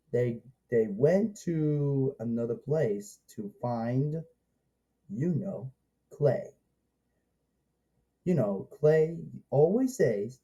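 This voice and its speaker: A man giving a casual, rambling spoken movie review, halting and restarting often and breaking into excited exclamations. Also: mid-range voice, low-quality recording.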